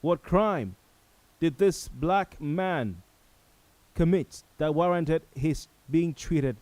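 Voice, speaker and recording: A man hosting a talk show, speaking gravely to viewers and repeating phrases for emphasis. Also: a little high, slow pace, a little mellow, no room sound, low-quality recording. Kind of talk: solemn talk show monologue.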